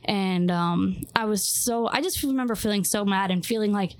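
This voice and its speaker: A woman's voice: medium pitch, moderate pace, dry recording. A young adult woman telling her life story as a guest, rambling with many fillers and restarts. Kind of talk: personal testimony interview.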